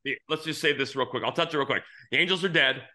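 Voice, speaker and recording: A man's voice: mid-range voice, quick pace, over a noisy crowd. A middle-aged man hosting a baseball talk show, rambling through stories with many restarts. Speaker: podcast host, former pitcher. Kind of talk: casual sports talk.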